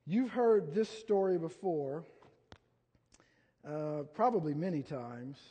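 A middle-aged pastor from Ohio preaching a conversational sermon, telling folksy stories with many asides and fillers. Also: male voice, a little high, lively intonation, slow pace, warm tone, husky, lo-fi sound. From Ohio, USA. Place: church sanctuary. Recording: long reverb from a large hall.

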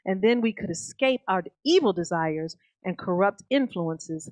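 A woman's voice: mid-range voice, lively intonation, measured pace, a little mellow, dry recording. A woman preaching a sermon, reading scripture with emphatic, call-and-response delivery.

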